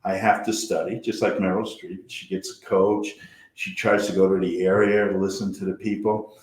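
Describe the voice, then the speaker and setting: An older man with a fairly low voice swaps actor stories in a relaxed chat, often trailing off and starting a sentence over. The room is echoey, so his voice carries some bounce. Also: moderate pace. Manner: anecdotal, trails off and restarts. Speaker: guest actor. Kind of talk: casual storytelling chat.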